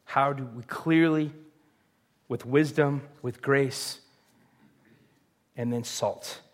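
A man's voice: mid-range voice, slow. A man preaching a sermon in a conversational, joking way, full of rhetorical questions. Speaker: pastor.

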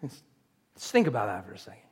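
A man's voice: fairly low pitch, huge pitch swings, fast, breathy edge. A man preaching a sermon in a conversational, joking way, full of rhetorical questions. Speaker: pastor.

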